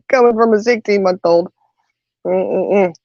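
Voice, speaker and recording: A woman's voice: medium pitch, no echo. Chatty middle-aged woman, dull dry recording. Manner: chatty, animated retelling with many asides. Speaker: host. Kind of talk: casual storytelling chat. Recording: dull, slightly muffled sound.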